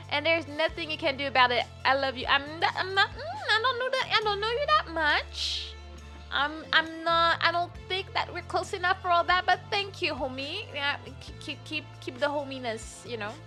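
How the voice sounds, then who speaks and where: A young adult woman streamer chatting casually on a live stream, rambling and animated as she answers her chat. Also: high-pitched. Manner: rambling, animated, reads chat aloud and replies. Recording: light music playing behind.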